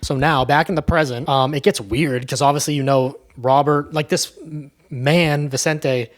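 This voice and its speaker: A man's voice: fairly high pitch, fairly even intonation, normal speed. A man casually retelling a movie plot, loose and profane, full of fillers. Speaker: movie recap host.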